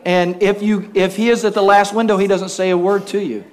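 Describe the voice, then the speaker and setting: A man preaching with an unusually high, bright-sounding voice. He tells lively, humorous stories, slips into quick impressions of the people he describes, and keeps turning to the congregation for an amen. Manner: animated storytelling, acts out quoted voices with humor; asks the congregation for responses. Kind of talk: sermon.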